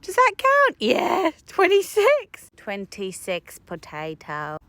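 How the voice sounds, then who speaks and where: A woman chatting casually in a garden vlog, excitable and gasping and exclaiming at each new find, recorded outdoors in a garden. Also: sits high, slow pace, no room sound. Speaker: gardening vlogger.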